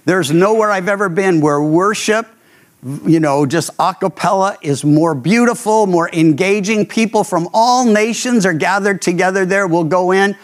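A man with a notably high-pitched voice delivers a sermon as a pastor. He teaches in a loose, conversational way and often restarts his sentences mid-thought. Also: moderate pace.

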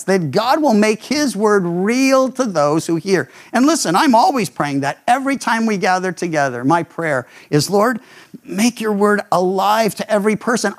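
An older man, a pastor, preaching a radio sermon and telling stories, jumping into higher voices when he quotes people. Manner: animated storyteller, voices quotes with leaps in pitch.

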